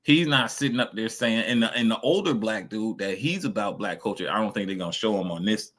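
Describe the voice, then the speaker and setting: Man streamer, profane emphatic rant, lowish voice, bright forceful tone. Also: a little fast. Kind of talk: casual reaction commentary.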